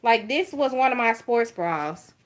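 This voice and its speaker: A woman's voice: fairly high pitch, lively intonation, measured pace. Candid Southern woman chatting to her viewers. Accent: Southern US, Alabama. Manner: candid, joking, talks straight to viewers as y'all. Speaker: vlogger. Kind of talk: casual chat to camera. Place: at home by her makeup table.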